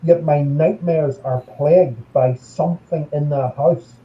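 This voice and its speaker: A man's voice: fairly high pitch, fairly even intonation. Irish man telling a story over an echoey call. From Ireland. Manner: halting, repeats words, measured. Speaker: guest paranormal investigator. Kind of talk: casual storytelling on a live video call. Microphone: video call. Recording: dull lo-fi call audio, echoey room.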